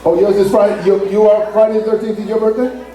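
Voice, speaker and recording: Man, high-pitched, mellow tone, joking host, live event, echoey hall, far from mic. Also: flat delivery, quick pace, faint music behind. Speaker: event promoter. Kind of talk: live event hosting to a crowd. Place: large indoor venue.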